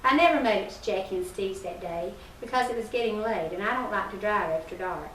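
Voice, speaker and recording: A woman reading a humorous first-person short story aloud in a measured storytelling delivery, with a few small slips. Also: medium pitch. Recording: roomy distant early-1990s recording with faint hiss.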